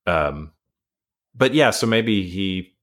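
A man with a somewhat low voice chats casually as a podcast co-host. He rambles and nitpicks, and he laughs easily. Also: animated, slow, fairly bright tone. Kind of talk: casual chat.

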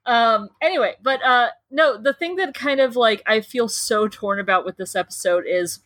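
On a podcast she co-hosts, a woman gushes enthusiastically in relaxed, casual chat. Her voice sits on the high side and is a bit bright, her speed is normal, and the recording sounds dry.

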